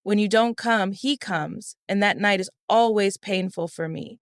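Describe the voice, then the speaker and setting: A frail old blind widow pleads through tears, as a woman narrator takes on her voice. Her words turn soft and frightened, recorded dry and close. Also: mid-range voice, measured pace, no echo, lightly acted. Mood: fearful. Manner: pleading, tearful.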